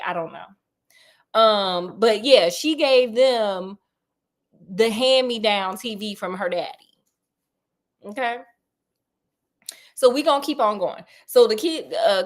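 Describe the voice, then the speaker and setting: A sassy, animated woman with a slightly high voice hosts a casual book retelling. She calls listeners "girl" and "honey" while acting out each character.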